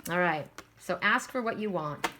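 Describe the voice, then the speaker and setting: A woman's voice: on the low side, animated, moderate pace, sharp tone, slight background noise. A middle-aged woman doing a casual spiritual card reading. She talks in a chatty way, often repeats words and keeps adding "right?". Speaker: oracle card reader.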